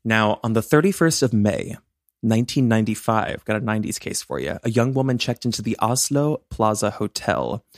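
A man's voice: on the low side, creaky, dry recording, clean studio sound. A man co-hosting a true-crime podcast, chatty and playful, laughing often. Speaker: podcast co-host.

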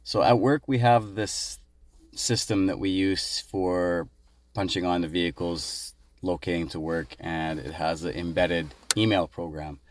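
A man from Canada calling in to tell a casual, animated story about his workplace. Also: low voice, unhurried. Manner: animated, laughs while telling. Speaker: caller leaving a voice message.

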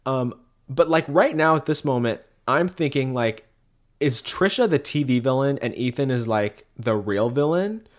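A man's voice: mid-range voice, lively intonation, normal speed. A man co-hosting a casual podcast, recapping online drama and filling his talk with "like". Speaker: podcast co-host. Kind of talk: casual chat.

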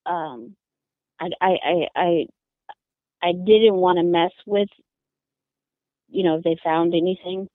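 A mother giving an emotional interview, halting and repeating her words in distress. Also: on the low side, dry recording. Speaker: mother of a missing daughter, interviewee. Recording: tinny phone line.

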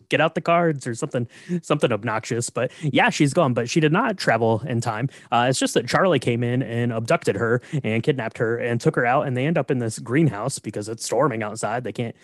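A man co-hosting a podcast, recapping a film in a relaxed, halting way with many fillers. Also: mid-range voice, dry recording, studio quality. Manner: laid-back, halting, lots of uh and you know. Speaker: podcast co-host. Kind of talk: casual movie recap chat.

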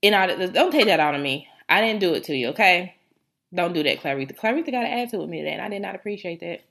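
A woman's voice: on the low side, lively intonation, rapid-fire, gravelly, fairly bright tone. A woman from Rochester, New York, hosting a casual talk show, telling stories with big laughs and joking slang. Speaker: podcast host. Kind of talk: casual chat.

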